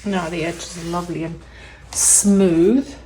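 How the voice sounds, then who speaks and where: Unhurried woman demoing crafts, roomy sound. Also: lowish voice, fairly even intonation, noisy background. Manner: chatty, unhurried, thinks aloud with ums. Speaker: resin art tutorial maker. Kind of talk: casual step-by-step craft demo. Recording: roomy echo.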